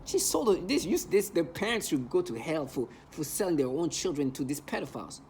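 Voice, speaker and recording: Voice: medium pitch, very animated, brisk, a little mellow, a little hiss or hum. A vlogger ranting in an agitated, emotional monologue, hurling repeated insults.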